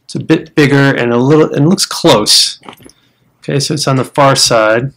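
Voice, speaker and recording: An American man talking through a survival game at a mid pitch. He is chatty and explains each step to the viewers as he goes. Now and then he breaks into loud startled outbursts. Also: moderate pace, gravelly. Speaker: gamer showing a survival game. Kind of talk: casual game commentary.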